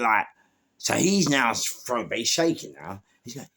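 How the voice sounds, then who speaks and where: A middle-aged man with a London accent, telling his life story in an animated, rambling way, full of street slang and acted-out quotes. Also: fairly low pitch, moderate pace, husky. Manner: acts out other people's lines, laughs at his own story.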